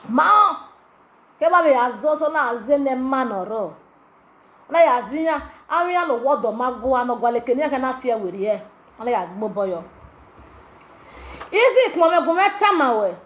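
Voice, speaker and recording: A woman's voice: high voice, muffled recording. A woman with a Nigerian Pidgin accent hosting a gossip show, talking in a brash, mocking way and switching languages. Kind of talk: animated gossip commentary.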